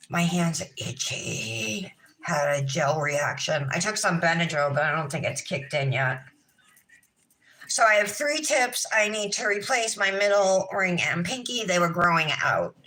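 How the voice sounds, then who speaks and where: Woman, 30s, nail vlog host; sing-song, chatty, bright tone sitting a little low. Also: animated, measured pace, rough recording. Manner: sing-song, chatty, talks to chat viewers. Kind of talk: casual livestream chat while doing nails.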